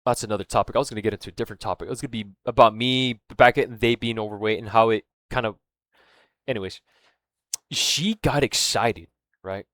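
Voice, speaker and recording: A man's voice: lowish voice, fairly quick, a bit bright, dry recording, studio quality. A man telling a story in a casual, rambling monologue, swearing often and losing his thread, with fillers like "right?" and "man". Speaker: vlogger.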